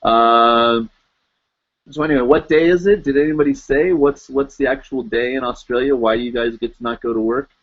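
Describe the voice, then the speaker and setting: A man's voice: medium pitch, moderate pace, a bit bright. A man hosting a casual live chat, rambling and searching for words, full of fillers and restarts. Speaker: podcast host. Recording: dull lo-fi stream audio.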